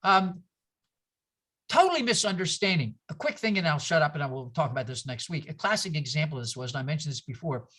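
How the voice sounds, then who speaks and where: A man with a bright, forceful tone gives an informal teaching talk to a congregation. He is animated, jumping in pitch for emphasis, and keeps breaking off into asides while asking the room rhetorical questions. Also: quick pace, slightly rough. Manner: animated, jumps in pitch for emphasis, frequent asides and self-interruptions; asks the audience rhetorical questions.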